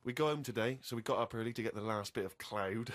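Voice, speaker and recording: A man's voice: medium pitch, fast. Englishman reading a diary aloud. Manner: dry reading, laughing between entries. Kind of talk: reading aloud with comic asides.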